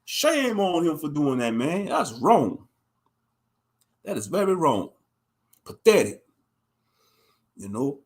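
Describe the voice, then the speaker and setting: A man's voice: fairly high pitch, very animated, slow pace. A man in his thirties giving a profane, mocking, rambling commentary on a livestream. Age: 30s.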